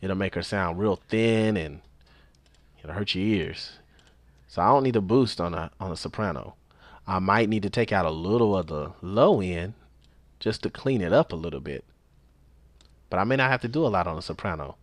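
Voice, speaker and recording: A man with a deep, low voice talks through a tutorial in a relaxed, easygoing way. He explains things step by step and repeats key points. The sound is close and dry, with no room echo. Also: normal speed, long pauses. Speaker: instructor. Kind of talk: casual spoken tutorial.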